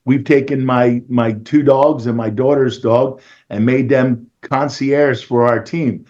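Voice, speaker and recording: A man's voice: medium pitch, fairly even intonation, slow pace, a little mellow, highs cut off. A man with a Philadelphia accent, a real estate agent talking energetically and in a salesy way on a casual panel call.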